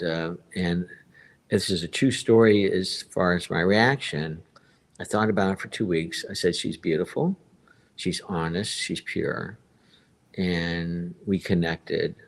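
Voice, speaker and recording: On a live stream, a guest in his fifties with a strikingly deep, low voice shares his personal story in a casual, rambling way. He keeps circling back to earlier points and repeating himself.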